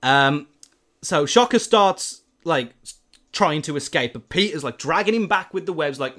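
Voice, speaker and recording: A man's voice: a little high, expressive, normal speed, fairly bright tone. A man animatedly telling a story in casual chat, with lots of filler words.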